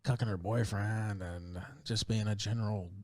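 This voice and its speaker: A man's voice: lowish voice, fairly even intonation, moderate pace, crowd noise. A man telling a story in a rambling way, often breaking into laughter mid-sentence. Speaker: streamer in a played clip.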